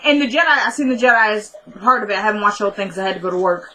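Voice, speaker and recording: Bright-voiced woman recapping a TV episode. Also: medium pitch, expressive, racing, a little hiss or hum, poor audio. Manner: chatty, retells scenes by quoting characters. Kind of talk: casual recap monologue.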